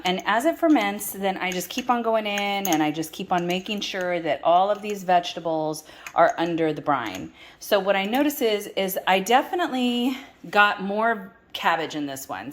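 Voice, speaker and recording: Casual woman vlogger, mid-range voice, chatty and upbeat at home cooking. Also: medium pitch.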